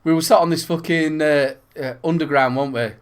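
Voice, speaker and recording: This co-host from Yorkshire, England, has a slightly high, steady, smooth voice and a brisk pace. He tells stories in a relaxed chat, swearing freely and laughing a lot.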